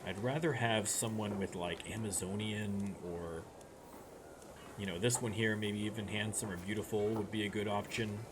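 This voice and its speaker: A man with a lowish voice gives casual commentary while he plays a strategy game. He muses aloud and often starts sentences over. There is clear noise behind him in the recording. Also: steady tone, normal speed. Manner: musing aloud, chatty with frequent restarts. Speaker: let's play streamer. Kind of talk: gameplay commentary.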